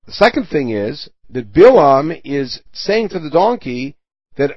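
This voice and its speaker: A Torah teacher reads Hebrew verses and translates them line by line, giving everyday examples. His voice is fairly high and very animated, his pace a little slow. The recording is dull and lo-fi, with no echo.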